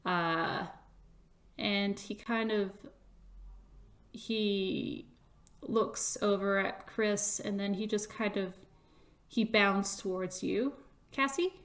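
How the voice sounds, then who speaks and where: A woman's voice: mid-range voice, slow pace, long pauses, a bit bright. A woman narrating a tabletop game as game master, with many hesitant fillers.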